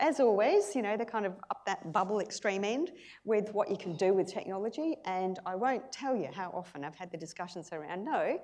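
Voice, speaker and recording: A middle-aged Australian woman giving a conference keynote, lively and chatty, laughing often and restarting her sentences. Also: mid-range voice. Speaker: keynote speaker. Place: conference hall.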